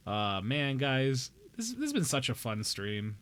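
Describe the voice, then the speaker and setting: A man's voice: medium pitch, fairly bright tone, clean tone. A young man live-streaming a game, chatting casually with viewers in a playful, joking way with bouts of mock outrage. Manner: playful, jokey, talks straight to chat with mock outrage. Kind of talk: casual live-stream chat while gaming.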